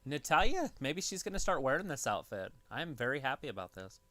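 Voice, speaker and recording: A man's voice: medium pitch, very animated, brisk, pushed and bright, dry recording. A man co-hosting a casual wrestling live stream, chatting easily and explaining things to his co-host.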